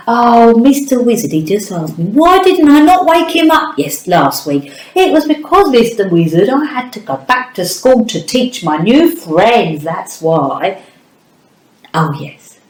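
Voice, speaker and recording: A woman's voice: mid-range voice, darkish tone. A woman from the United Kingdom teaching a children's phonics lesson, encouraging and speaking straight to a young viewer. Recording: echoey room.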